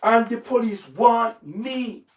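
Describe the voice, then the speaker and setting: A man with a Jamaican accent giving emphatic, repetitive political commentary on a livestream, his voice going hoarse. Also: extremely high pitch, slow pace. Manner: repetitive, emphatic, speaks in patois. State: hoarse, voice wearing out. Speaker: livestream host. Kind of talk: live-stream political commentary.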